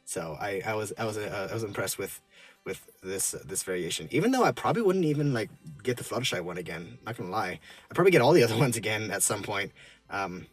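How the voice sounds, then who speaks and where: Rambling low-voiced man in his car. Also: big pitch swings, slightly rough, soft background music. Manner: halting, many fillers and restarts, chuckles often. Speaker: vlogger reviewing drinks. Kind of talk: casual rambling review.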